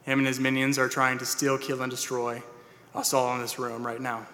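A man's voice: mid-range voice, monotone, normal speed, sharp tone. Earnest preacher man in a reverberant hall. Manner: earnest, plain-spoken, with filler "uh"s and restarts. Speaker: pastor. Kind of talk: sermon. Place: church sanctuary.

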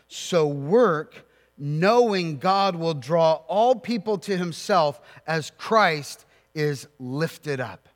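A man's voice: fairly high pitch, animated, slow. A man preaching a sermon as pastor, earnest, with storytelling asides. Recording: long reverb of a large hall.

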